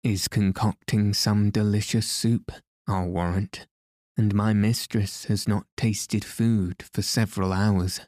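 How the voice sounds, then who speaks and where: Guy reading as formal courteous english gent, low slow voice, dry sound. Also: fairly even intonation, darkish tone, dry recording. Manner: formal, old-fashioned courtesy. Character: courteous English gentleman posing as lackey.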